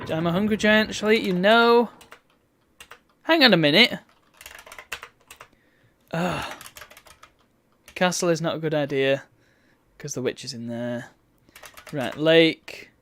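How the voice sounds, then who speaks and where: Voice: mid-range voice, fairly bright tone, slight background noise. Streamer reading out game text w/ dry bemused comments, mid voice, faint keyboard clicks behind. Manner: wry, bemused asides between read-out lines.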